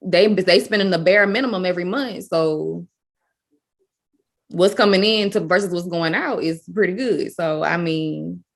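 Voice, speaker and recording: A woman's voice: on the low side, unhurried, gravelly. A young woman from Louisiana, a podcast guest talking candidly and emphatically in casual Southern slang.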